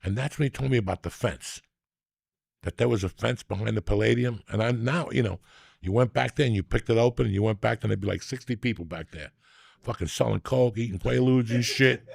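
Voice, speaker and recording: A man's voice: fairly low pitch, fairly quick, creaky, darkish tone, slightly rough, no room sound, clean studio sound. A man in his sixties hosting a podcast, telling rambling, profane stories and teasing his co-host. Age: 60s. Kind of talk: casual chat and storytelling.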